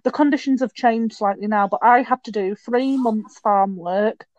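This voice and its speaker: A woman's voice: fairly high pitch, darkish tone, no room sound, highs cut off. Chatty young woman, dry sound. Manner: chatty storyteller, quick asides and restarts. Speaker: podcast guest. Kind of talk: casual chat.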